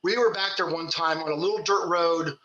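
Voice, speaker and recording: A man's voice: on the high side, brisk, sharp tone, roomy sound, muffled recording. A man from Kentucky, a Bigfoot researcher, telling folksy stories with laughs in casual talk. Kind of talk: casual storytelling.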